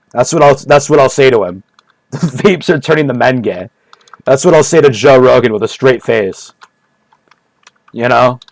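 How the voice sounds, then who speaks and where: A man's voice: medium pitch, no room sound. A man rambling through a mock-serious comedic monologue, repeating himself often, in a streaming style.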